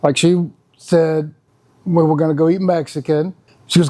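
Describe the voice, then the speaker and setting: A man's voice: on the high side, fairly even intonation, normal speed, mellow. A man, talking in a casual, blunt, folksy monologue as a podcast host. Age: 50s. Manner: folksy, blunt, laughs often.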